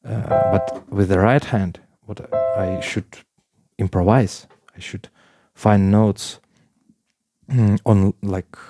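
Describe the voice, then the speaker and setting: A man teaching a piano lesson in plain talk, with halting phrasing, counting beats aloud while he plays. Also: lowish voice, steady tone. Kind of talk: casual piano tutorial. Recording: piano playing loudly alongside.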